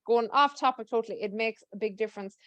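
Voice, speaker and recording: An Irish woman with a slightly high voice hosts a casual podcast chat. She is chatty and friendly, chiming in quickly and agreeing often. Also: highs cut off. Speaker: podcast host.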